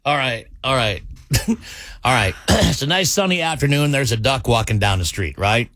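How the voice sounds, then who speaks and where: A man hosting a morning radio show in a studio, telling a joke with lively, gruff voices for the characters. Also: mid-range voice, normal speed, no echo. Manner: animated storyteller, acts out the bartender gruffly. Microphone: studio mic.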